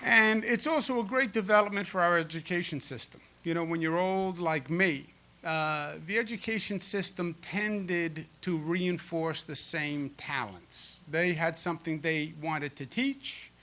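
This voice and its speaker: Man, 50s, Queens New York accent, bright voice, folksy joking speech, podium mic. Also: fairly high pitch, measured pace. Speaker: governor giving a speech. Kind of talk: public speech. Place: school event before an audience.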